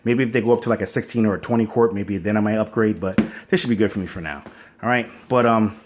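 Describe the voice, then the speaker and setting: A man's voice: on the low side, quick pace, noisy background. A man in casual, rambling talk, unboxing a kitchen appliance at home and filming on a phone propped on a stand. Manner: laid-back, rambling, slangy. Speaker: unboxing vlogger. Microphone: phone on a wobbly stand.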